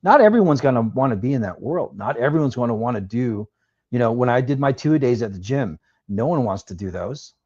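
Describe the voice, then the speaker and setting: A man who is a former police officer, giving measured, reflective advice as a podcast guest. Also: medium pitch, big pitch swings, a little mellow, husky, highs cut off. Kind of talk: podcast interview.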